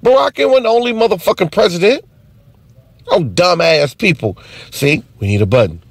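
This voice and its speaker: A man in an unscripted comedy monologue, ranting in a profane, animated way. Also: high voice, moderate pace, gravelly.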